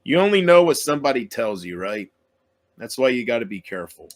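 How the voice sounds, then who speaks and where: A man's voice: medium pitch, very animated, fairly quick. Upset man ranting to his viewers. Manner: upset, pleading, profane, repeats himself. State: close to tears. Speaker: vlogger. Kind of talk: emotional rant to viewers.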